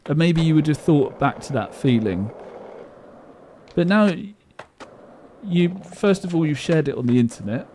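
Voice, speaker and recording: Rambling, mellow-voiced male streamer. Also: on the high side, animated, measured pace, pauses often, slight background noise. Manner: rambling, self-mocking, chatty. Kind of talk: casual live-stream chat while gaming.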